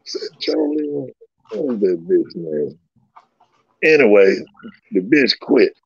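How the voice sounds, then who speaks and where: Gravelly and on the low side, this man tells old stories slowly as a guest, animated and profane, laughing often and reenacting the dialogue. It's casual storytelling with no room sound and a slightly dull lo-fi quality.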